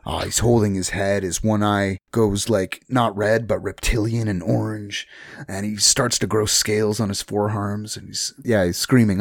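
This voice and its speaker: Gravelly low-voiced man recapping a show. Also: normal speed, no room sound, studio quality. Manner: animated storyteller acting out lines, swearing. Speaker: podcast co-host. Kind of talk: casual chat, recapping a show.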